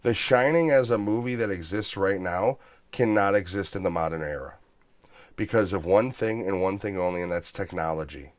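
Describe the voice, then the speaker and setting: A man hosting a casual movie review podcast, animated and swearing freely as he riffs on scenes. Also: low voice, moderate pace. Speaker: podcast host.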